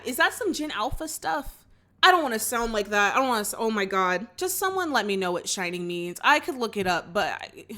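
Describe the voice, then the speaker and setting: A young woman hosting a movie reaction, recapping the plot in casual chat and talking straight to her viewers. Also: a little high. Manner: animated, acts out characters' lines, talks to viewers as y'all.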